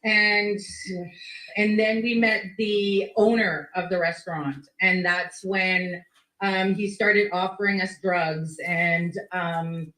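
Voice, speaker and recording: A woman's voice: mid-range voice, slow. Woman telling a story in an echoey room. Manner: lively, full of reported speech and swearing. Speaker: guest. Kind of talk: casual storytelling.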